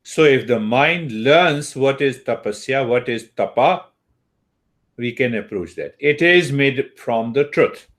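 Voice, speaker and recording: A man teaching meditation slowly and calmly, with long pauses and Sanskrit terms. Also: mid-range voice. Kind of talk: spiritual teaching talk.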